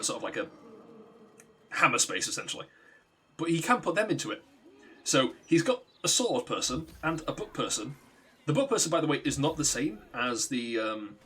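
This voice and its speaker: A man streaming a game, casually retelling a story in a rambling, animated way. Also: medium pitch, breathy edge. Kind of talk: casual gameplay commentary.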